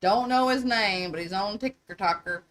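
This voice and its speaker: Middle-aged Southern woman, livestream host, animated, laughs a lot, mid-pitched. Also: normal speed, rough recording. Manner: animated, laughs often, greets viewers. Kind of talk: casual live chat.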